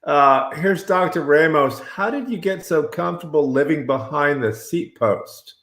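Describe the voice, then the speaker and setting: A man's voice: on the high side, expressive, measured pace, a bit bright. Podcast host man in a roomy space. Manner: reads out listener questions. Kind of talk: casual interview chat.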